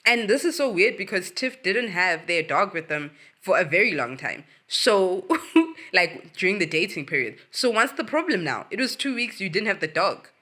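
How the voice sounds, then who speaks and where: Recapping a reality show on her own program, this host speaks at a normal pace in a voice on the low side. She's casual and animated, with plenty of swearing and big shifts in her voice as she rants.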